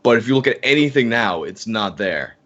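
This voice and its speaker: A relaxed man guesting on a podcast, telling rambling stories with casual swearing. His voice is on the low side and comes through dull and lo-fi. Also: fairly quick. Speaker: podcast guest, online video maker.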